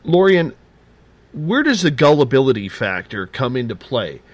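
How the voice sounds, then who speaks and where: A man's voice: mid-range voice, very animated, moderate pace, dry recording. A man hosting a talk-radio show, encouraging his guest and putting a question to her.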